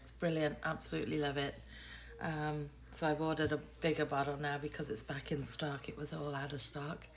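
An English woman in her sixties rambles casually to her vlog camera, poking fun at herself. Her voice sits low with little pitch movement, and she talks fairly quickly.

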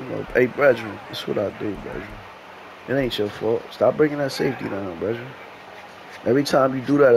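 A man trash-talking loudly and profanely at his opponent while playing a video game, laughing often. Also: medium pitch, vocal fry. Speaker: gamer.

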